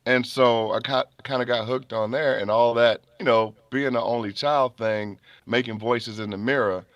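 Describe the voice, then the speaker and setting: A man in his fifties from Chicago tells his story with animated energy, now and then dropping into character voices. His voice sits at a middle pitch. The recording is dry and close, with almost no room sound. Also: measured pace, no room sound. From Chicago, United States. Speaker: guest voice actor. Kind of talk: casual interview storytelling.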